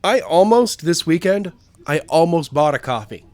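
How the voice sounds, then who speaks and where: A man's voice: fairly high pitch, animated, darkish tone, no room sound. Laid-back male co-host, dry close sound. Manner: laid-back, quick agreeing interjections. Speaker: podcast co-host. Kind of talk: casual chat.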